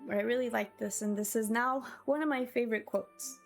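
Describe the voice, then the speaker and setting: A woman's voice: fairly high pitch, steady tone, brisk, creaky. Emotional woman streamer, music faint behind. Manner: emotional, reflective, sighs often. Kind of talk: casual chat with viewers.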